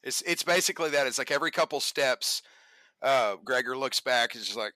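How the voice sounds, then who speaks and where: Male player, self-mocking humor, bright tone, dry sound. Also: mid-range voice, a little fast, no echo. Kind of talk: casual chat during a tabletop game.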